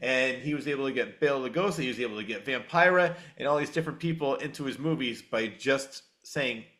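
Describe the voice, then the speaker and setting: A man's voice: mid-range voice, fairly quick, a bit bright. A man hosting a podcast in casual chat, enthusiastically plugging channels and telling stories. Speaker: podcast host.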